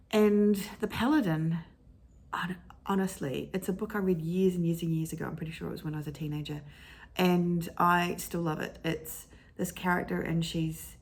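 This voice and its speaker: Woman rambling about books at home, low-ish voice, bit raspy. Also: darkish tone. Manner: rambling, digressive, often restarts and corrects herself. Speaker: vlogger talking about favorite books. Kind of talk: casual chat. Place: at home at her computer with her dog.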